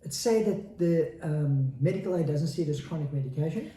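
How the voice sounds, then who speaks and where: A man's voice: fairly high pitch, expressive, a little fast, mellow, roomy sound. A man in his forties, a podcast guest, speaking candidly and earnestly and repeating phrases for emphasis. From South Africa. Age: 40s. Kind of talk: candid interview talk.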